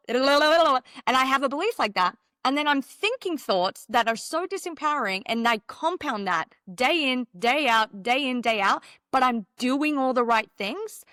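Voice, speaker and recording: A woman guest on a podcast interview, a mentor and former dancer, telling her story in an animated, emphatic way and acting out her own past thoughts. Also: high voice, measured pace, few pauses, dry recording, studio quality.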